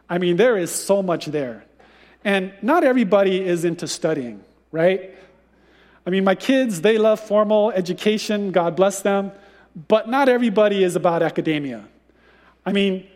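High-voiced pastor preaching in a reverberant hall. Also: male voice. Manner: storytelling, animated retelling with conversational asides. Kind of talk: sermon. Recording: long reverb of a large hall.

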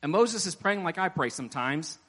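A man's voice: fairly high pitch, lively intonation, a little fast, fairly bright tone. A man preaching a sermon in a church, talking to the congregation in a conversational way, with self-deprecating asides and acted-out prayers. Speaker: pastor. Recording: long reverb of a large hall.

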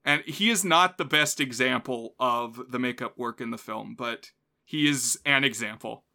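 A man's voice: mid-range voice, moderate pace, gravelly, bright, forceful tone. A man co-hosting a podcast, talking casually about a film and often laughing between remarks. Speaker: podcast co-host. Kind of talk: casual film review chat.

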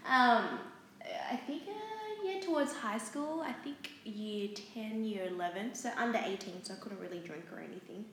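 An Australian woman chatting and telling a story, quick to laugh. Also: mid-range voice, a bit bright, a little hiss or hum. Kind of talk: casual storytelling chat. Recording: very echoey room, faint ambience.

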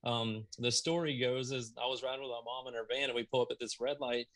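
A man from Mississippi in his thirties with a Southern accent, a guest on a video call, telling a story in a casual, animated way. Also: mid-range voice, fast. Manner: animated storyteller, acts out his own past lines. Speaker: guest, car audio business owner.

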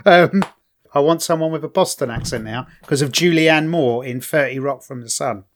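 A man's voice: a little high, normal speed. A man co-hosting a podcast in casual chat, chatty and stumbling over words, laughing often. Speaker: podcast co-host.

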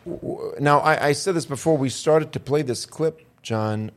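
A man hosting a political talk podcast in a studio, reading quotes aloud and often stopping to restart. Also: fairly high pitch. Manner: reads quotes aloud haltingly, frequent restarts. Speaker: host.

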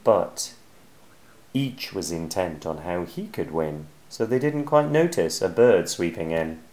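Low, lively man reading a storybook. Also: unhurried. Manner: expressive, sing-song. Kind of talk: reading a rhyming picture book aloud.

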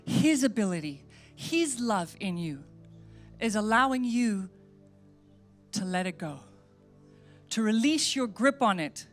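Earnest woman pastor praying over soft music. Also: medium pitch, very animated, takes it slowly, pauses often. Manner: earnest, repeating short phrases, pleading in prayer. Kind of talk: sermon with altar call and spoken prayer.

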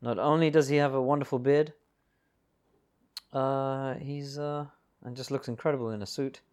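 A man's voice: mid-range voice, fairly even intonation, normal speed, a little mellow. A man as guest co-host, chatting in laid-back, swear-laced banter over a film. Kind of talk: casual film commentary.

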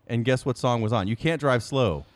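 A man co-hosting a podcast, casual comedic chat with a deadpan news-style delivery. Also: mid-range voice, moderate pace, dry recording. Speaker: podcast co-host.

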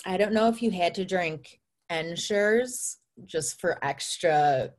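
A woman's voice: fairly low pitch, takes it slowly. A young woman in casual chat, talking openly and reflectively and laughing often.

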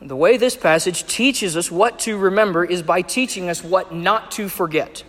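A man preaching a sermon, measured and emphatic as he reads and explains scripture. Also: high-pitched, fairly bright tone. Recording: echoey hall with long reverb.

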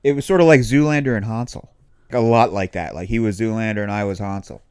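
A man's voice: on the low side, fast talker, smooth, no room sound, clean studio sound. A man with a Philadelphia accent co-hosting a podcast, telling rambling stories in casual chat and laughing along the way. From Philadelphia suburbs. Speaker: podcast co-host.

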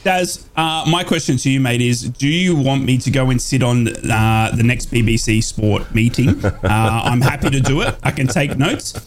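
A man's voice: medium pitch, normal speed, few pauses. A male co-host with an Australian accent on a football chat show. He teases the other hosts in a playful, casual way. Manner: playful, teasing.

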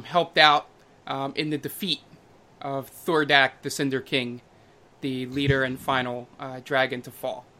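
A man running a tabletop game, narrating scenes in a bright, forward voice. He talks haltingly and fills his pauses with ums and uhs. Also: mid-range voice. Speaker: game master.

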